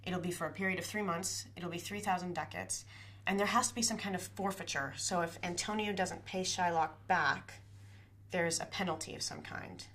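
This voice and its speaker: A young woman with a slightly low voice tells a story in a loose, conversational way. She leans on fillers and rattles off quick paraphrased lines from the characters. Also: fairly even intonation, fairly bright tone. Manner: chatty, with frequent fillers and quick paraphrased quotes. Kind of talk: casual play retelling.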